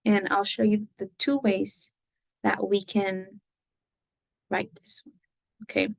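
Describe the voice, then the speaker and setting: A woman's voice: mid-range voice, flat delivery, unhurried, gravelly, pauses often, no room sound, rough recording. A woman teaching a Spanish lesson, explaining patiently step by step and moving between English and Spanish. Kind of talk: recorded classroom lesson.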